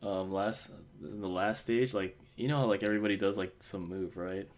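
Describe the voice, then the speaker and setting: A man's voice: lowish voice, fairly even intonation, brisk. A man co-hosting a casual fan podcast, rambling with many fillers and restarts. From Osaka. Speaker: podcast co-host.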